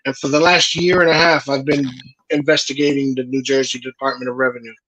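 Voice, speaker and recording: A man in a casual podcast chat, telling a heated, profane story with a husky voice. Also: mid-range voice, level tone, quick pace, a bit bright, poor audio. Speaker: podcast host.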